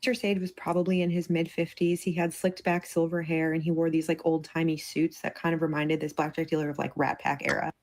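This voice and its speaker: A woman's voice: sits low, little pitch movement, a little fast, hardly any pauses, darkish tone, poor audio. A woman casually telling a spooky story as a streamer, chatty with many fillers. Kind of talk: casual spoken ghost story.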